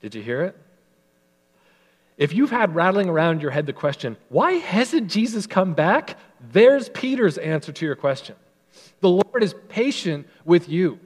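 In a fairly high, sing-song voice, a male pastor gives an earnest, emphatic sermon. Scripture readings come slower and softer, and his words are followed by a long hall reverb.

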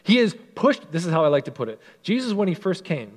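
A man's voice: high-pitched, big pitch swings. Earnest male pastor preaching in a hall. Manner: earnest, emphatic preaching that slows and softens for scripture. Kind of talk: sermon.

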